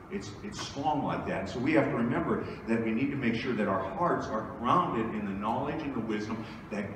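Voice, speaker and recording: Asking his congregation rhetorical questions, a male pastor preaches conversationally in a church sanctuary. His voice is mid-range, with a little hiss or hum, and it's captured from far off in the echoey hall.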